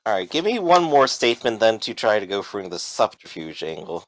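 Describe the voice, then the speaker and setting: A man runs a tabletop role-playing game, narrating and calling for rolls in a relaxed, joking way. His pitch moves a lot as he talks. The recording is close and dry. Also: brisk, no room sound, low-quality recording. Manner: relaxed, joking, with many fillers. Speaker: game master.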